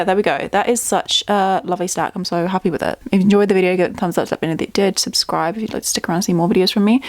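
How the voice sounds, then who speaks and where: A woman's voice: lowish voice, no echo. A young woman chatting casually as a book vlogger at home, bubbly and talkative, thinking aloud. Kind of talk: casual chat.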